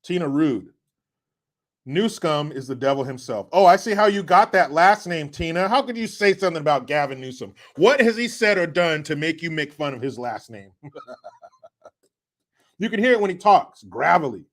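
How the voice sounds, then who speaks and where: Reading viewer comments on his casual political stream, a middle-aged man responds with sarcastic, mocking remarks that swing between loud outbursts and mutters. His voice is on the high side, with lively intonation and a moderate pace.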